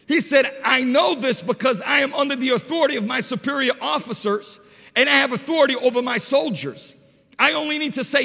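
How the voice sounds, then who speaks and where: A man preaching a sermon as an evangelist, telling stories with animated delivery and shouting at the high points. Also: moderate pace, vocal fry, breathy edge, in a large hall. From Portuguese parents.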